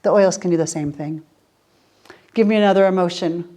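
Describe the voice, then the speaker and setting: A woman with a lower-pitched voice leads a relaxed teaching session for a group of students. She explains in a conversational way, often posing rhetorical questions and then answering them herself. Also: fairly quick. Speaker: essential oils teacher.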